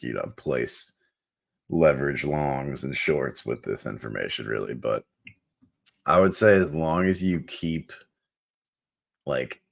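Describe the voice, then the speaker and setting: A man's voice: extremely low pitch, gravelly. A laid-back man co-hosting a stream, walking through charts in a rambling way with many fillers. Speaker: co-host chart analyst. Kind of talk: casual chart talk.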